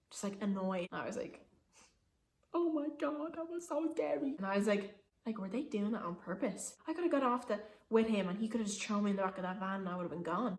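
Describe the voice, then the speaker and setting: A young woman telling a personal story in a chatty, casual way, peppering it with "like" and laughing asides. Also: mid-range voice. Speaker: vlogger. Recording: roomy echo.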